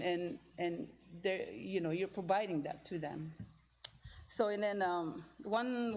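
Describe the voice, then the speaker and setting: Woman, church member, informal testimony; rambling delivery, animated quoted asides, mid pitch, faint background hiss. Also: low-quality recording. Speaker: church member sharing a mission trip story. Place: church hall.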